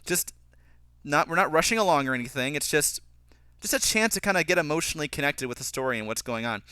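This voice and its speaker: A young man giving a casual, critical film commentary, animated and mocking characters' lines as he goes. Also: fairly high pitch, fast, clear, resonant tone, dry recording. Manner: animated, mocking voices when quoting characters. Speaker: film reviewer.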